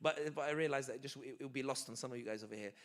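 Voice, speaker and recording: A man giving an animated, joking community talk full of stories and quick asides. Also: mid-range voice. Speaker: guest speaker. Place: community center hall.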